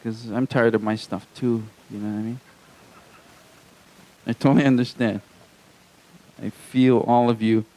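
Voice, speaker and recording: Man from Hawaii, stand-up comic, mid-pitched voice, wry self-mocking asides, small club stage. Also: level tone, a little slow, pauses often, mellow. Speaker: stand-up comedian. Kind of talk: live stand-up set.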